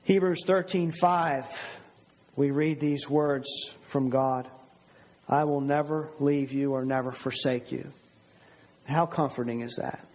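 A man delivers a sermon in an earnest, emphatic way, slowing to press on key words and repeating them for weight. His voice sits a little high and carries a husky edge. The recording sounds dull and lo-fi. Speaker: preacher.

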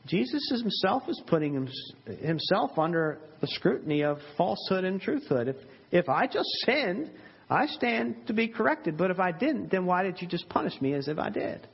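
Male pastor preaching, kinda husky, earnest and emphatic, dull lo-fi sound. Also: high-pitched, very animated, normal speed. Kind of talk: sermon.

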